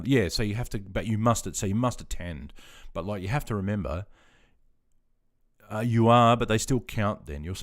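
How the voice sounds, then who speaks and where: Laid-back and chatty, this Australian host in his fifties responds loosely to viewer comments on his casual livestream. His voice sits on the lower side, and he pokes fun at himself while addressing everyone as mate.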